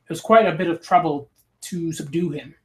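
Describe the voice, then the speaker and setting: A man reading aloud as a battle-hardened mountain tribe warrior, recounting past events haltingly with small slips and self-corrections. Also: on the high side, close to an everyday voice, low-quality recording. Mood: grim recounting.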